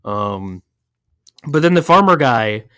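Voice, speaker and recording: A man's voice: medium pitch, very animated, takes it slowly, a bit bright, clean tone, no echo, clean studio sound. A man casually summarizing a movie plot in a meandering, hesitant way on a comedy podcast. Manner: meandering, hesitant, full of "uh" and restarts. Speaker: podcast co-host.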